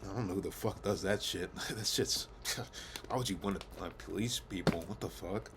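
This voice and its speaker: A young man with a deep voice rambles casually to camera at a normal speed, recorded on a camera mic with a lot of noise. He's a laid-back vlogger who swears often and laughs at himself.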